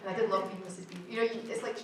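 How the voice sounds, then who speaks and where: A woman's voice: mid-range voice, steady tone, very fast, slight background noise. Scottish woman, convention panel guest, chatty and laughing, caught far off by an audience camera in a big echoing hall. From Scotland. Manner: chatty, laughing, restarts her sentences often. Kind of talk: casual panel answers to fans. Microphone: camera in the audience, far from the stage. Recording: echoey hall recorded from far off.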